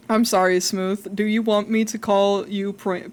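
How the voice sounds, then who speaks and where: A woman's voice: mid-range voice, level tone, moderate pace, few pauses, smooth. A young adult woman chatting casually while drawing on a live stream, rambling and self-reflective, laughing often.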